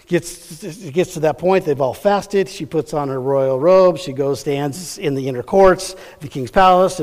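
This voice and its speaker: A man's voice: fairly high pitch, darkish tone, long reverb tail. A man preaching a sermon, retelling a Bible story in a casual, rambling way that often corrects itself. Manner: chatty, rambling, self-correcting.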